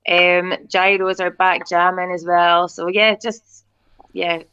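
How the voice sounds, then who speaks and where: A woman's voice: fairly low pitch, level tone, slow, a bit bright, clear, resonant tone, no echo, lo-fi sound. A woman musician chatting easily on a video call, laughing often. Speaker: musician guest. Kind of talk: casual chat.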